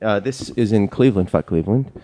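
A man's voice: on the low side, fast, crowd noise. A man hosting a casual show, telling stories with many ums and restarts. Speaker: podcast host. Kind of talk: casual chat.

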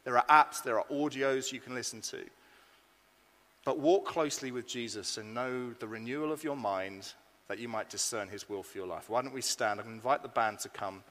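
A man preaching a sermon to his congregation, earnest and rising to bursts of excitement. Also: mid-range voice, brisk. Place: church hall. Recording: long hall reverb.

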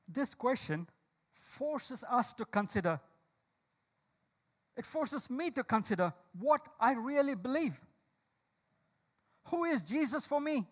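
A man preaching a sermon. He puts questions to the congregation, calls on listeners by name and slows down to stress his key lines. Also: very high voice, lively intonation. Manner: slow, emphatic delivery of key lines. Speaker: pastor.

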